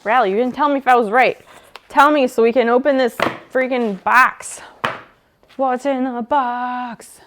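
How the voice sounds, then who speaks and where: A woman's voice: fairly high pitch, normal speed, fairly bright tone, slight background noise. A woman chatting casually with her live-stream viewers while she restores a table, joking and guessing names. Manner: chatty, joking, talks to chat while working.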